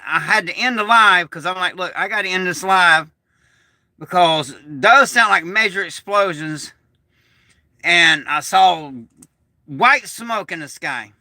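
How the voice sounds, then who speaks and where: A man telling a rambling, excitable story on a casual livestream, swearing and restarting often. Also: sits high, no echo. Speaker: prepper vlogger. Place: small shed turned bunker.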